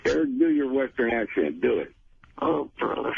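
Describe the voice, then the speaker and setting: A man's voice: medium pitch, very animated, normal speed, gravelly, slightly rough, no echo. A man talking as a manager on a radio show, pushy and enthusiastic, egging others on. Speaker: manager on a call-in. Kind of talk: casual radio banter. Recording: dull lo-fi radio audio.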